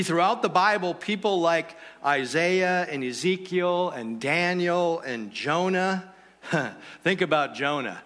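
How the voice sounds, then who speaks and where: A man's voice: on the high side, sharp tone, in a large hall. A man preaching a sermon in a church, conversational and asking the congregation rhetorical questions. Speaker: pastor.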